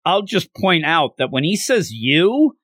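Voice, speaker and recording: A man co-hosting a casual podcast discussion, animated and laughing as he acts out lines. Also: a little high, unhurried, no echo, clean studio sound. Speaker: podcast co-host.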